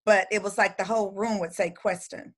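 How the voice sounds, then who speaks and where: A woman's voice: mid-range voice, steady tone, fairly quick. A woman in a study group cutting in on a video call to share a story about past meetings. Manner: chatty, amused interjection.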